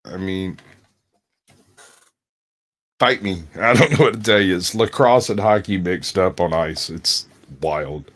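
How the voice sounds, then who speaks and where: A man with a fairly low voice chats on a podcast in a loose, joking way. He drifts into stories and fills his pauses with plenty of hesitations. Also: fairly bright tone. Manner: jokey, storytelling, frequent uh fillers. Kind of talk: casual chat.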